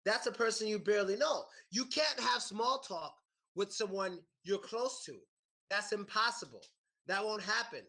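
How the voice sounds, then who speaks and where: An American man teaching a class, animated and repeating his questions to the students. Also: high voice, moderate pace. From United States. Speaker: English teacher. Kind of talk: classroom lesson.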